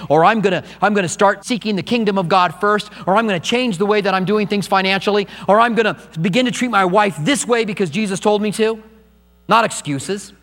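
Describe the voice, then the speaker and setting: An older man, a pastor, preaching a sermon with animated delivery and acted-out quotes. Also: fairly high pitch. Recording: long hall reverb, faint mains hum.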